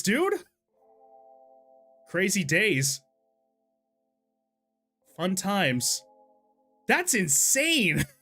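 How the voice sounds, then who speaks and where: A young man with a high voice whose pitch swings widely as he chats during a live game stream. He laughs often and breaks into startled exclamations, loose and conversational. Faint music plays behind him. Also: sharp tone. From Texas, USA. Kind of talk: casual live-stream commentary while gaming and reading chat.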